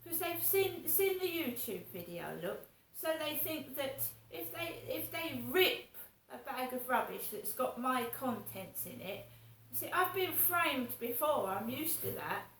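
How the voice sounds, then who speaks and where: A woman's voice: sits high, sing-song, unhurried, few pauses, fairly bright tone, slight background noise. A woman vlogging in a rambling, indignant monologue, swearing as she talks. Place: home flat. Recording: roomy echo, distant from mic.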